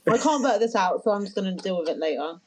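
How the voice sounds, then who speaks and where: A woman's voice: medium pitch, animated, fast talker, darkish tone. A woman co-hosting a podcast, chatting casually and easily amused. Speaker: podcast co-host. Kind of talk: casual chat.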